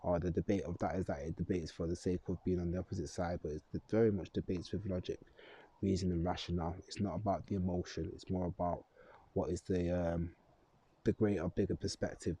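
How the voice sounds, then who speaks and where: A man's voice: deep voice, steady tone, fairly quick, mellow, breathy edge. A man in a loose, rambling astrology vlog, chuckling and correcting himself as he goes. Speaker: astrology vlogger. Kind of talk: casual astrology talk to camera.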